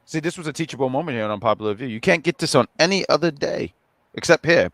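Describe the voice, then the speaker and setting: A man's voice: fairly high pitch, expressive, fast talker, a bit bright, no room sound. A man co-hosting a casual online chat, rambling with many fillers and restarts. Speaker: co-host.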